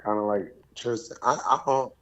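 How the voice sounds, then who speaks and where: A man, a former player as guest, in casual chat, his voice hoarse and worn from yelling, speaking in a laid-back drawl. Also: lowish voice, moderate pace, lo-fi sound, a loud crowd.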